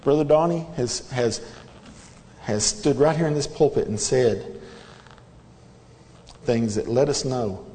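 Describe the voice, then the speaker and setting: A man's voice: medium pitch, slow pace, pauses often, dark tone, in a large hall. A man preaching a sermon in a church, earnest and repetitive, pressing his listeners with rhetorical questions. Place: church sanctuary.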